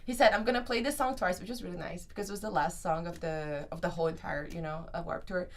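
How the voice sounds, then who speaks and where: A woman's voice: lowish voice, fast. A young woman co-hosting a podcast, telling festival stories in casual chat, acting out quotes and swearing freely. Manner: animated storyteller, acts out quotes, swears freely. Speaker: podcast co-host.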